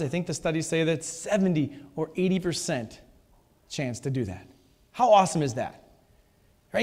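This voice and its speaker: A man preaching a sermon in a church, emphatic and repeating his key phrases. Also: high voice. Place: church sanctuary. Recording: long reverb of a church hall.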